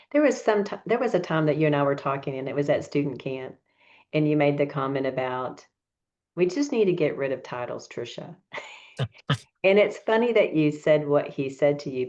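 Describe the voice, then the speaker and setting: Low-voiced woman hosting an interview. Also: darkish tone, highs cut off. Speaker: podcast host. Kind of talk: interview host.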